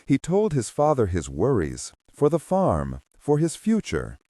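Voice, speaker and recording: A man narrating a spy thriller audiobook in a measured storytelling manner. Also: mid-range voice, huge pitch swings, mellow, no room sound. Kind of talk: scripted narration.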